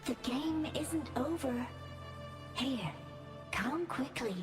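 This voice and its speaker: A woman voicing an eerie childlike phantom in a game, speaking in whispered role-play with a wispy, breathy tone. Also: high-pitched, animated, slow. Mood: beckoning. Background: game music.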